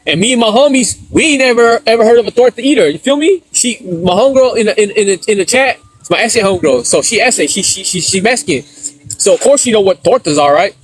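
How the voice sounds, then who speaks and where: A man's voice: high voice, lively intonation, fast talker, husky, dry recording. Slangy middle-aged man chatting on a live stream. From San Diego, USA. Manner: storytelling with street slang, laughing often. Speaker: livestreamer reading chat. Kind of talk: casual live stream chat.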